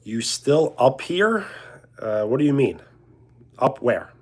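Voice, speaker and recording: A man's voice: mid-range voice, sing-song, slow pace, darkish tone. A young man casually chatting on a livestream, reading viewer questions and joking around with chuckles. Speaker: livestreamer answering chat. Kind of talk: casual live chat.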